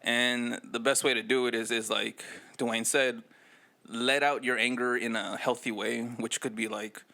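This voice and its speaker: A man's voice: mid-range voice, little pitch movement, unhurried, vocal fry, pushed and bright. A man co-hosting a casual podcast, giving loose, profane, jokey advice. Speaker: podcast co-host.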